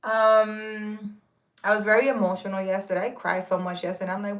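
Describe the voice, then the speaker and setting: A woman's voice: mid-range voice, steady tone, brisk, a bit bright. A woman, a spiritual healer, chatting casually to her viewers in a rambling way, full of fillers and restarts, answering their comments. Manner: reads viewer comments aloud and answers them.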